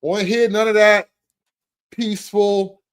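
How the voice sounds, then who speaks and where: A man hosting a comedy commentary show, profane and mocking, stretching out names slowly. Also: sits high, steady tone, smooth.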